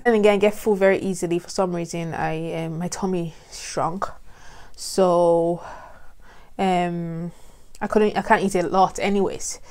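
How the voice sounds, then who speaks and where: Young woman, vlogger, chatty storytelling, laughs a lot, mid-pitched voice. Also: a little mellow. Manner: chatty, laughs often, acts out quotes. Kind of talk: casual storytelling.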